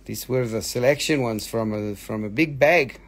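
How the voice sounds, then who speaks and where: A man hosting a live sales stream, talking with excited, animated patter as he shows and prices each item. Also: mid-range voice, moderate pace, a little hiss or hum.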